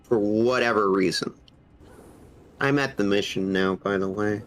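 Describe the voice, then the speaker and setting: A man with a husky voice from a cold, chatting casually and eagerly explaining game lore while streaming. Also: fairly low pitch, measured pace, a bit bright, faint music behind, rough recording. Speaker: gaming streamer. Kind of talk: casual gaming stream chat.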